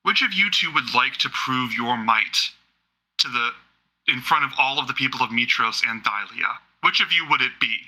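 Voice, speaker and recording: A man voicing a king who addresses his arena crowd in a slow, showy way. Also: mid-range voice, lively intonation, sharp tone, poor audio. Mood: grand. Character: grandstanding male king hosting games.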